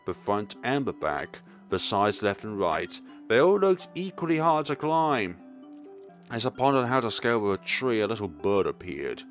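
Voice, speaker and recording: A young man reading a visual novel aloud, throwing in animated asides and jokes. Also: medium pitch. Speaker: gaming YouTuber.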